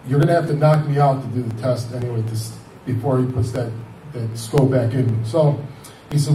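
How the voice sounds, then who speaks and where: A man's voice: on the high side, fairly quick, slight background noise. A man in his fifties telling his own cancer story in a rambling way, acting out the conversations he had. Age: 50s. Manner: rambling, animated retelling with quoted dialogue. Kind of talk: personal storytelling. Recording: echoey room, voice from far off.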